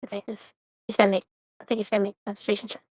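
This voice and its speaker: Woman, tabletop player, hesitant casual talk, flat intonation, dry close sound. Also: medium pitch, rapid-fire, slightly rough, no echo. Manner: hesitant, lots of fillers. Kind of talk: casual chat on a call.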